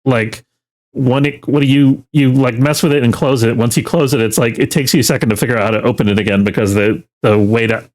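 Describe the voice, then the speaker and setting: A man narrating as game master, loose and full of fillers, slipping into quick character lines. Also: mid-range voice, fairly even intonation, a little mellow.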